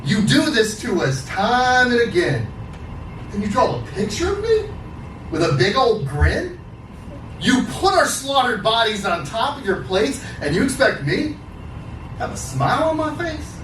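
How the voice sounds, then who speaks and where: A man performing spoken word as an angry mother dairy cow, mocking and swearing with big swings in pitch. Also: very animated, a little slow, a bit bright, full character voice. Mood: furious, mocking. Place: live open mic at a studio. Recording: roomy, distant mic, faint room noise.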